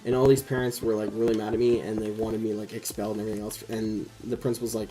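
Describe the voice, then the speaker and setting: Mellow-voiced young man telling a story. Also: lowish voice, flat delivery, quick pace, hardly any pauses, low-quality recording. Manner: rambling, swears a lot, heavy use of "like". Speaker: host. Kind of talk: casual storytelling chat.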